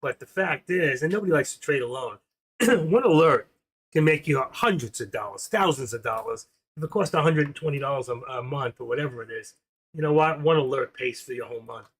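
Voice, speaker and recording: Older male host, husky, chatty and rambling, casual livestream talk. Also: mid-range voice, lively intonation, brisk.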